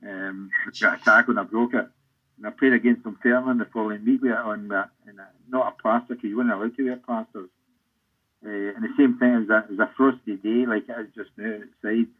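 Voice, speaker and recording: Husky Scottish old footballer on a tinny line. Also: male voice, on the low side, steady tone, quick pace. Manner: rambling anecdotal, self-interrupting. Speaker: former footballer guest. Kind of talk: storytelling interview.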